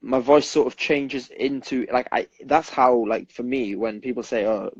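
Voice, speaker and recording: A man's voice: medium pitch, steady tone, moderate pace, a little mellow, husky, no room sound, highs cut off. A young British man, a singer, chatting earnestly in an interview and rambling with frequent restarts. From United Kingdom. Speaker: singer guest. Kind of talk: casual interview chat.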